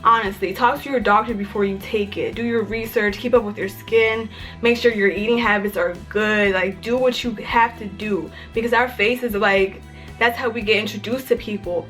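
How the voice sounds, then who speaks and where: In her casual vlog, a young woman from Maryland shares a personal story in a steady, mid-range voice at normal speed. Her talk is chatty and loaded with "like," and soft music sits quietly under it.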